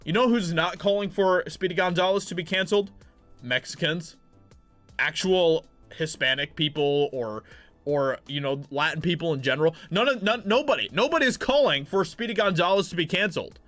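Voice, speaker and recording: A man's voice: sits high, moderate pace, fairly bright tone, dry recording. Sarcastic man ranting over faint music. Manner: sarcastic, mock-outraged, with filler words and restarts. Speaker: commentary YouTuber. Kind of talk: opinion commentary reading news aloud.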